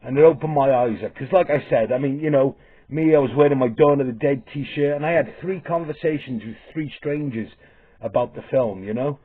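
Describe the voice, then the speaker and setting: A man's voice: mid-range voice, fairly quick, breathy edge. A man ranting to camera in a vlog, swearing heavily and stumbling over restarts with repeated "okay?". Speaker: vlogger. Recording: tinny phone-like audio.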